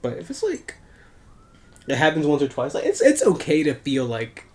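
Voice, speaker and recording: A man's voice: fairly high pitch, huge pitch swings, normal speed. A man co-hosting a podcast in casual chat, talking in a laid-back, hesitant way with trailing phrases. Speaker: podcast co-host.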